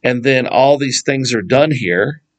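A man's voice: mid-range voice, measured pace, poor audio. A man preaches in a loose, conversational manner. He unpacks scripture like he's chatting with friends, slipping into anecdotes and acting out bits of dialogue. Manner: conversational, storytelling, acts out dialogue. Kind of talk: casual sermon with Bible teaching.

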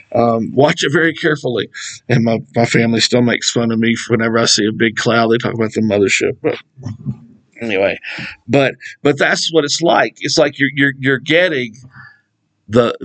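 A man's voice: mid-range voice, low-quality recording. A man teaching a casual sermon, talking conversationally and telling stories. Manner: conversational, storytelling, acts out dialogue.

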